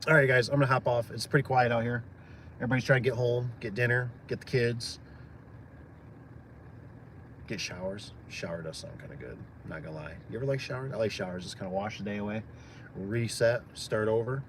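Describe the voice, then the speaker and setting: On his live stream, a Michigan small business owner talks casually and warmly, wandering off topic and leaning on fillers. He has a mid-range voice, goes a little fast, and there's slight hiss or hum.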